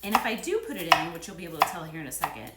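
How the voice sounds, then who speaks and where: A woman's voice: sits low, lively intonation, rapid-fire, roomy sound, heavy background noise. A woman in her thirties chatting playfully while making a dish in her home kitchen as a cooking vlogger, with self-teasing asides. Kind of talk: casual cooking demo chat.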